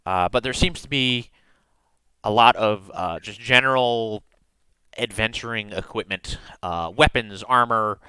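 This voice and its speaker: A man's voice: fairly low pitch, measured pace, sharp tone, smooth, dry recording, rough recording. A man narrating a tabletop game as game master in a casual way, with many fillers.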